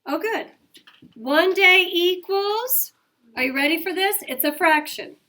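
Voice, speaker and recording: A middle-aged woman teaching a math lesson to her class, brisk and coaxing, asking questions as she goes. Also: very high-pitched, expressive, bright, forceful tone. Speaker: elementary school teacher.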